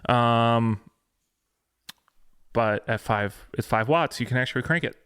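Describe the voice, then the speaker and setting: A man's voice: medium pitch, measured pace, fairly bright tone, clear, resonant tone, no echo, studio quality. A man co-hosting a podcast, chatting casually about gear news with lots of fillers and restarts. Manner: hesitant, many fillers and restarts. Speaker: podcast co-host.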